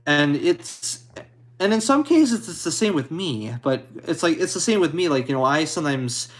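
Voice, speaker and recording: Guy on a stream reading chat, kinda high voice, stops and restarts a lot, apologizes, a bit nervous. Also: sing-song. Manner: halting, hesitant, with many restarts; apologetic and modest. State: a little anxious. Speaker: streamer answering viewer comments. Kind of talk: casual live chat.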